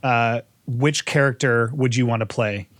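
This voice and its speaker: A man's voice: medium pitch, steady tone, a little slow, fairly bright tone, no room sound. An American man hosting a casual interview, asking questions in a playful, easygoing way. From USA.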